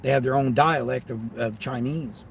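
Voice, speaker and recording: A man's voice: mid-range voice, moderate pace, creaky, a little hiss or hum. A man rambling casually on a livestream, talking to chat between delivery orders while he sits in his car. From United States. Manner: rambling, talks back to chat.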